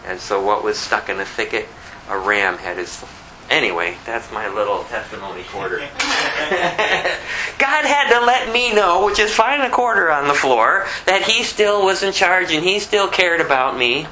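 An older man giving an informal, conversational sermon, animated and full of rhetorical questions. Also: a little high, normal speed, slight background noise, low-quality recording. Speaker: preacher.

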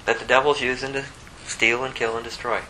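A man's voice: little pitch movement, fairly quick, bright, forceful tone, a little hiss or hum, low-quality recording. A man preaching a sermon, his voice rising sharply when he gets emphatic. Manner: impassioned, pitch climbing sharply when emphatic.

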